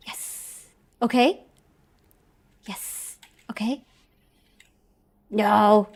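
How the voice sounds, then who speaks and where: A woman's voice: high-pitched, animated, measured pace, long pauses. A young woman streaming a game, chatting casually, giggling and squealing often. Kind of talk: casual gameplay commentary.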